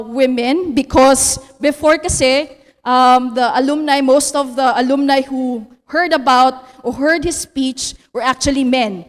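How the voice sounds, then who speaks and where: A Filipino woman lectures as a theology teacher, her voice pitched high and her sentences often ending in a questioning "no?". She slips Tagalog words into her talk. The sound carries a long reverb, like a large hall. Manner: tag "no?" after phrases, mixes in Tagalog.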